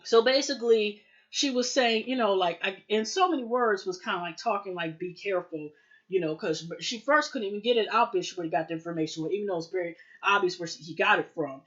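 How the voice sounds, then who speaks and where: A woman hosting a casual TV episode review, rambling through the plot with lots of "you know" and "like.". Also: brisk. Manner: chatty, rambling, heavy with fillers like "you know" and "like"; jumps into higher, louder voices when quoting characters. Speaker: TV show reviewer, host. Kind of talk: casual spoken episode recap. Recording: dull lo-fi audio.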